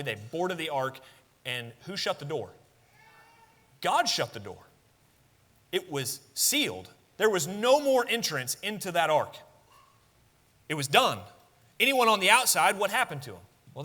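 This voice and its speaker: In a large church sanctuary, a man preaches a sermon conversationally, questioning the congregation and building to emphatic peaks. His voice is fairly high-pitched with a sharp tone.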